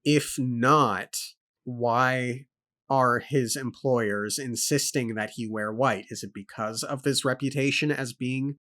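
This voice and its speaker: Speaking slowly with a medium pitch and a slightly bright tone, this book club podcast co-host talks through a book casually. He reflects out loud, listing his points and questions in turn.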